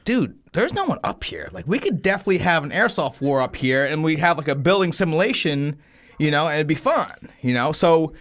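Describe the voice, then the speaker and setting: A man in his thirties hosting a podcast, telling profane, animated stories full of acted-out quotes. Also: on the high side. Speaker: podcast host. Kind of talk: casual storytelling chat.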